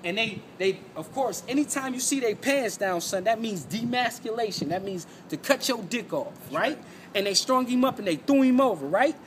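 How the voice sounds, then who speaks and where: Man, very high pitch, profane emphatic street preaching, loud background noise. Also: expressive, normal speed. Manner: emphatic, profane, repeats "you know what I'm saying". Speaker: host.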